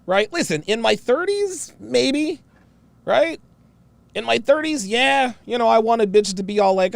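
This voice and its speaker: A man's voice: sits high, measured pace, creaky, no room sound. A man in his forties hosting, giving profane, mocking reaction commentary on video clips and repeating his points. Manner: mocking, animated, repeats himself.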